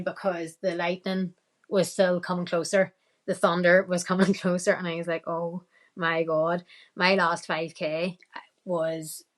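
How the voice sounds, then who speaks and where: A woman with a Northern Irish accent and a voice on the low side appears as a podcast guest. She tells a story casually, quoting her own thoughts and laughing often.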